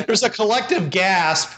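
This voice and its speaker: A man's voice: high voice, a bit bright. A man narrating as game master of a tabletop role-playing game. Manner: descriptive, storytelling.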